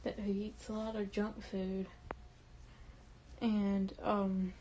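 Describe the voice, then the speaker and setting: A woman's voice: mid-range voice, flat delivery, slow pace, dark tone, slight background noise, rough recording. Rambling young woman vlogging to camera. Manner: rambling, restarts often, fillers like "like" and "um". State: tearful, voice quiet and shaky. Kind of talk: casual talk to camera.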